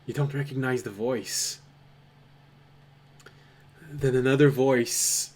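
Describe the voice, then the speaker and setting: A man narrating a tabletop role-playing game as game master, telling the scene in a measured, dramatic way. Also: mid-range voice, steady tone, a little mellow, slight background noise. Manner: slow, measured, dramatic storytelling.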